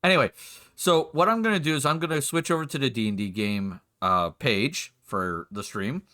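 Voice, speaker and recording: A man's voice: medium pitch, animated, normal speed, pushed and bright. A man, a game master and streamer, chatting casually and rambling as he sets up the session. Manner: rambling, chatty, self-interrupting.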